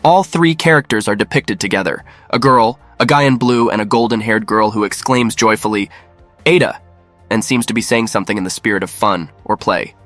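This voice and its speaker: A man reading a scripted story recap in an even, matter-of-fact way. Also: fairly low pitch, fairly quick, hardly any pauses, dry recording, faint music behind. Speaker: narrator. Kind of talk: scripted narration.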